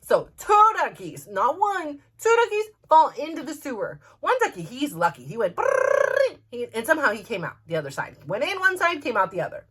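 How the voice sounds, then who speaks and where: A woman's voice: high voice, a little fast, few pauses, husky. A middle-aged woman, telling a story casually and acting out voices as a podcast host. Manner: animated, acts out voices, many fillers.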